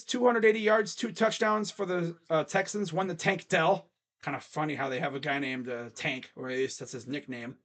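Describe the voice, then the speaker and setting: A man's voice: a little high, fairly bright tone. A young man casually recapping football stats and picks, chatty with mocking asides. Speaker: sports picks host.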